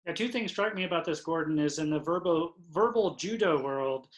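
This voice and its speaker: A man co-presenting a training talk for lacrosse officials, measured and explanatory. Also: fairly high pitch. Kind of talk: instructional talk. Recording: roomy echoey recording.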